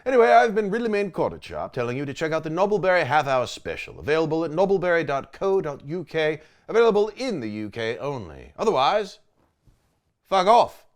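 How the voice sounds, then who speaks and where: A man's voice: fairly high pitch, big pitch swings, brisk. A man playing a pompous, vulgar middle-aged British actor in a comedy sketch, with a put-on British accent and a haughty, crude manner.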